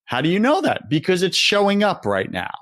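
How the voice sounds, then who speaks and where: A man's voice: high-pitched, wildly swooping pitch, brisk, fairly bright tone, no echo, studio quality. A man talking as a guest coach in a casual interview, passionate and preacher-like, acting out voices as he speaks. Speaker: executive confidence coach, guest.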